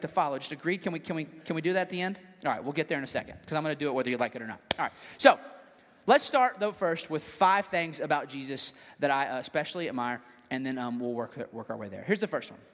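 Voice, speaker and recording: A male pastor preaching a sermon in an animated, joking way. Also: a little high, fast. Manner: animated, joking, acts out scenes. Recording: long hall reverb.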